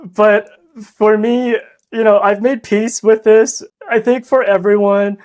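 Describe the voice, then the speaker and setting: A man's voice: sits high, fairly even intonation, slow pace, a little mellow. A young man from Hong Kong with an international accent, talking earnestly and reflectively as a veterinarian guest on a podcast. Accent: international, hard to place. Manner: earnest, reflective, with light laughs.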